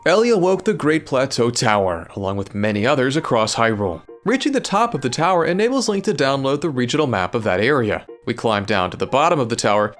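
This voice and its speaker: A man hosting and narrating a gameplay video, explaining in a lively, informative way. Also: medium pitch. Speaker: gaming video host and narrator.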